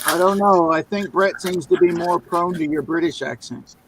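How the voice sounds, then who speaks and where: A man's voice: sits high, moderate pace, noisy background. A man co-hosting a live stream, joking dryly in casual chat. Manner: dry, joking, plugs podcast. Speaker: co-host.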